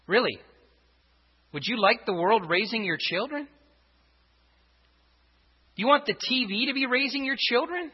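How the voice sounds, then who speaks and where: His voice sits high with a breathy edge as this pastor preaches to his congregation, moving at a moderate pace and pausing often. Repeated rhetorical questions drive his points home, and the sanctuary recording is dull and reverberant.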